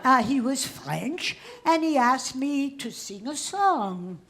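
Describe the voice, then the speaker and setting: A woman in her nineties from Boston telling comic stories of her life on a cabaret stage in a slow, deliberate, wry delivery. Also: high voice, expressive, fairly bright tone. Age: 90s. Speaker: comedian. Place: live stage at a cabaret venue.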